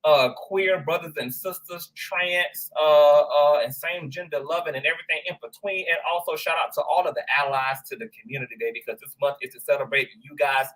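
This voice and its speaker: Male livestream host; bright, forceful, high voice, chatty and playful. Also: a little fast, few pauses, low-quality recording. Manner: animated, shouting out viewers, slang-heavy. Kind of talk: casual livestream chat.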